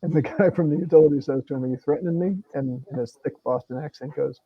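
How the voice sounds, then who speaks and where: A man's voice: mid-range voice, fairly even intonation, fast, slightly rough, muffled recording. A middle-aged man, a congressman, talking earnestly and plainly with frequent restarts at a virtual meeting. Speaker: congressman guest. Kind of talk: conversational talk at a virtual meeting.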